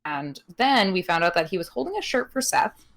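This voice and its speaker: A woman's voice: on the low side, a little fast. A young woman co-hosting a podcast, recapping wrestling in casual chat with lots of ums and giggles. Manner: chatty with many ums, giggles, animated voices in quotes. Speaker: podcast co-host.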